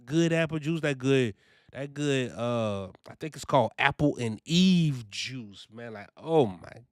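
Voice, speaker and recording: A man's voice: medium pitch, a little slow, no echo, studio quality. A young man talking casually and animatedly about his trucking orientation, often saying "you know" and "man.". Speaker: trucking vlogger. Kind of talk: casual first-person review.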